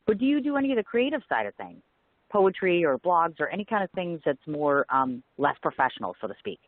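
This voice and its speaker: A woman hosting an interview over the phone from a hotel room, chatty and quick to apologize. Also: fairly low pitch, big pitch swings, no room sound. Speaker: interview host. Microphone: phone line. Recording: tinny phone line, dry.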